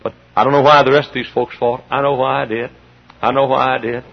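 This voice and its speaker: A middle-aged man preaching as a Baptist pastor, impassioned, dropping to low asides and rising to shouts. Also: flat delivery, quick pace, gravelly, slightly rough. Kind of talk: sermon. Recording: dull lo-fi recording.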